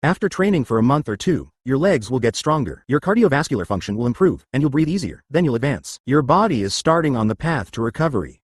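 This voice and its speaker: A man talks listeners through stretches and breathing drills one command at a time. His voice is husky and dry, with no room around it. His pitch rises and falls in a lively way as he coaches. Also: fast talker, few pauses, no room sound. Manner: coaching, giving step-by-step commands. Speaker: exercise and breathing instructor. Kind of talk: guided exercise instruction.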